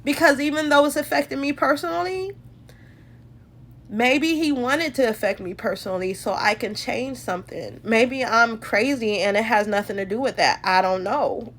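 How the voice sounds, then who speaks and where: Bright-voiced woman on a phone livestream. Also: fairly high pitch, moderate pace. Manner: heartfelt, testifying about faith, addresses viewers as y'all. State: tearful at times. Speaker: livestream host. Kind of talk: emotional livestream talk.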